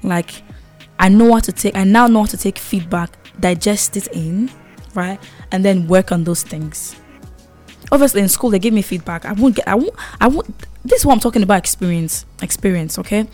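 A woman's voice: medium pitch, moderate pace, darkish tone, soft background music. A young adult woman talking casually to camera, giving advice in an emphatic way, often repeating herself and checking in with "okay?". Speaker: vlogger.

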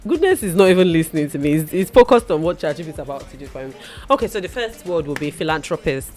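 A young woman hosts a casual studio chat. She is playful and laughs easily, her pitch swinging widely. Soft music plays faintly behind her. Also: big pitch swings, fast talker. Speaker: host.

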